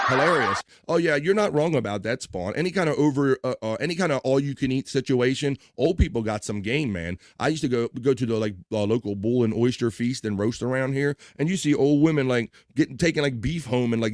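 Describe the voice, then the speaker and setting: A man hosting a loose, chatty livestream, rattling off viewer messages and answering them with jokes. His voice sits at an ordinary pitch and is caught dry and close on a desk mic, with no room sound around it. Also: no room sound. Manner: reads chat messages aloud in bursts of voices, laughs and jokes loosely. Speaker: livestream host reading chat. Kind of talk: casual livestream chat. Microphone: desk microphone.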